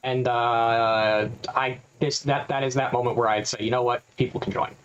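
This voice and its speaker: A man's voice: mid-range voice, level tone, moderate pace, a bit bright, dull audio. A man streaming a game, casually thinking aloud in stop-start phrases and talking to his chat. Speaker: gaming streamer. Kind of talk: casual live-stream commentary while playing.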